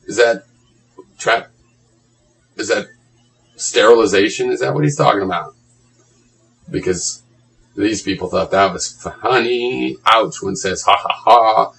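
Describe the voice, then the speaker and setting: A man's voice: fairly low pitch, unhurried, creaky, pauses often, fairly bright tone, poor audio. A man reading blog comments aloud and mocking them in a sarcastic, profane running commentary.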